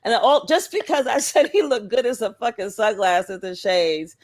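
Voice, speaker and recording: A woman co-hosting a live stream over a remote call, talking bluntly and with plenty of profanity while she tells animated stories. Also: mid-range voice, moderate pace. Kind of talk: casual banter on a live stream.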